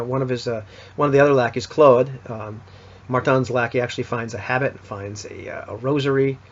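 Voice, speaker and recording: Man, husky voice, casual rambling game recap, lots of fillers and restarts, dull lo-fi sound. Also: mid-range voice. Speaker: player recapping a tabletop game session. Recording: dull lo-fi recording.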